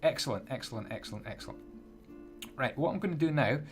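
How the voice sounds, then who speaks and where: A man's voice: medium pitch, lively intonation, quick pace. A man giving casual, playful commentary as he builds in a video game, counting blocks aloud as he goes. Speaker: Minecraft builder and tutorial host. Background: background music.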